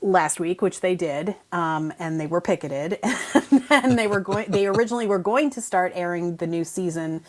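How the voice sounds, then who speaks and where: A woman's voice: on the low side, moderate pace. A woman appearing as a guest on a radio talk show, explaining entertainment industry news in detail and often restarting her sentences. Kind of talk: casual radio commentary.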